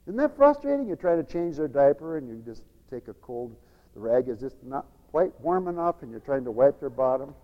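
A man preaching a radio sermon, animated, acting out the whining voices of children as he goes. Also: medium pitch, brisk, in a large hall, dull audio.

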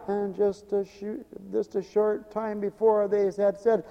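High-voiced, dramatic preacher in a reverberant hall. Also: male voice, steady tone, slow, few pauses. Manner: dramatic, swinging from loud exclamations to hushed asides. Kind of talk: sermon. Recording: long echoing reverb of a large hall.

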